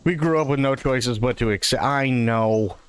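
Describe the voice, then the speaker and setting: A man live-streaming a game, chatting casually and telling jokes in a profane, expressive way into a close microphone. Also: mid-range voice, moderate pace, clean tone.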